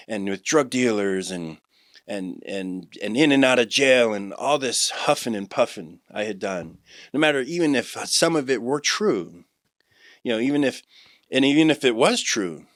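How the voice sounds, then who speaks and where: A man in his forties telling his life testimony on a podcast, rambling with many restarts and turning animated when he quotes others. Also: mid-range voice, a little slow, no echo, studio quality. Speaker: guest sharing a testimony.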